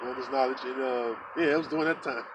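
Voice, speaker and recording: A man's voice: medium pitch, fairly even intonation, quick pace, far from the mic, noisy background. A man telling a story in casual talk, rambling and profane, repeating himself with lots of "you know" and "man". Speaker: religious group member telling a story.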